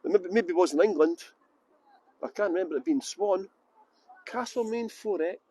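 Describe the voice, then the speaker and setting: Out on the street of a bustling city, a middle-aged tour guide chats casually on a livestream through a handheld phone, cracking jokes, rambling and welcoming viewers by name. He has a high-pitched, warm, husky voice at a moderate pace.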